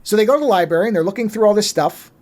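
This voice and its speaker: A man on a podcast casually retelling a movie plot, animated and swearing freely. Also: sits high, racing. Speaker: podcast co-host.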